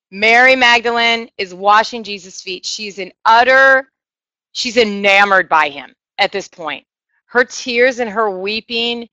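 A woman's voice: medium pitch, pushed and bright, dry recording, highs cut off. A woman giving a conversational sermon to a church group, earnest and personal, with self-deprecating asides. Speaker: speaker teaching a church group.

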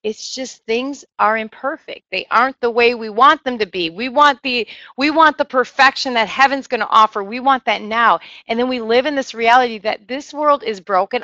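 Woman teacher, earnest informal sermon, bright tone, dry slightly dull recording. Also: fairly high pitch, no echo. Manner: earnest, conversational, self-deprecating asides. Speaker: speaker teaching a church group.

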